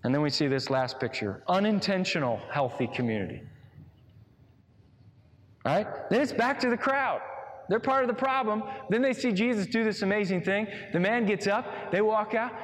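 A male pastor preaching a sermon in an animated, conversational way, asking the congregation rhetorical questions. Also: high voice, moderate pace, in a large hall.

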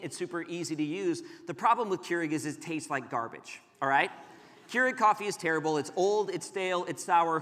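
A man in his thirties preaching a sermon as pastor, telling stories and shifting between loud urging and hushed, quiet passages. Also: a little high, in a large hall. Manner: storytelling, swings from loud urging to hushed tones. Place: large church hall.

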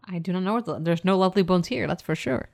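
A woman playing a tabletop role-playing game. She describes scenes in detail and reacts with lively exasperation. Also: fairly low pitch, fast talker, vocal fry. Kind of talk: casual tabletop role-play narration. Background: music.

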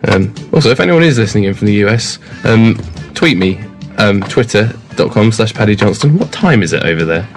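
A young man with a low, gravelly voice chats casually as co-host of a word game. He talks in a playful, rambling way. Faint music plays underneath. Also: animated, fairly quick, few pauses. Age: young adult. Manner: chatty and playful, rambling asides.

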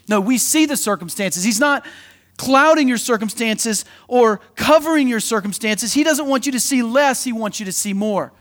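A man preaching a sermon in an energetic, conversational way, slipping into quick acted asides. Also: very high voice. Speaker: pastor.

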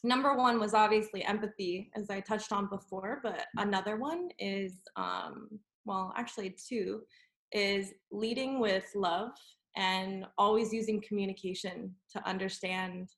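A woman's voice: mid-range voice, steady tone, unhurried, fairly bright tone. A mother talking as a guest on a podcast, earnest and chatty, laughing as she speaks. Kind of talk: casual podcast chat. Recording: echoey room.

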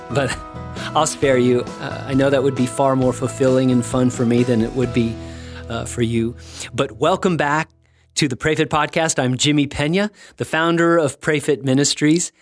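A man hosting a devotional podcast, talking in an earnest, reflective way with gentle self-mocking humor. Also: medium pitch, fairly even intonation, moderate pace, over music. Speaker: podcast host and ministry founder. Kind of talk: scripted devotional podcast talk.

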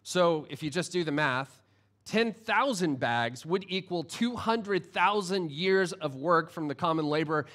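Preaching in a conversational, humorous style, a pastor frequently restarts his sentences. His voice is a little high, expressive, unhurried, and fairly bright.

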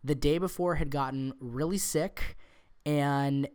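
A young man hosting a casual podcast, hoarse and raspy from a cold, rambling with lots of fillers. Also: a little high, steady tone, slow pace, a little mellow. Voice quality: raspy, sniffly. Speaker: podcast host.

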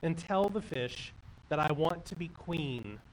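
A man's voice: a little high, animated, unhurried, recorded from a distance, a little hiss or hum, low-quality recording. A man voicing a greedy, domineering fisherman's wife in a fairy tale, scolding and demanding.

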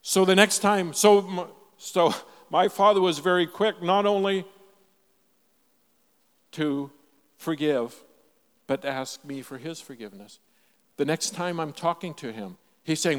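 Older Canadian preacher in an echoing hall. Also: male voice, a little high, unhurried, long pauses. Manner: storytelling, emphatic, varies loudness widely. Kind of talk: sermon. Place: church.

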